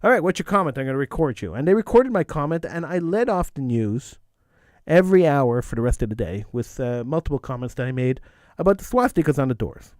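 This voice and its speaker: A man's voice: medium pitch, sing-song, a little fast, a little mellow, no room sound. A man hosting a call-in show, telling a story in a blunt, opinionated way and repeating phrases for emphasis. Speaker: talk show host. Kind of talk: call-in radio monologue.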